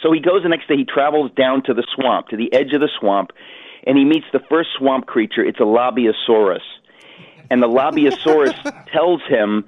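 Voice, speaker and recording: A man being interviewed as an author, telling a story with animated voices over a phone line. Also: medium pitch, quick pace, dry recording. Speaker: author guest. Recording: tinny dry phone line.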